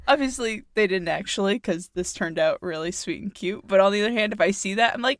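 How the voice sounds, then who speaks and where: A woman co-hosting a podcast, joking and giggling through her reactions in casual chat. Her voice is mid-pitched and comes across dry and close, with no room sound. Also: fairly quick, fairly bright tone, dry recording. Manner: playful, giggly commentary. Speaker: podcast co-host.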